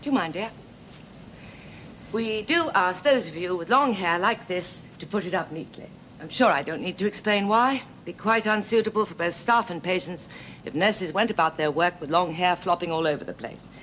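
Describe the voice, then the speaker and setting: An actress playing a nursing tutor who lectures new students in a brisk, chatty way with small laughs. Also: female voice, lowish voice, a bit bright, a little hiss or hum, natural voice, rough recording. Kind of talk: scripted TV drama acting.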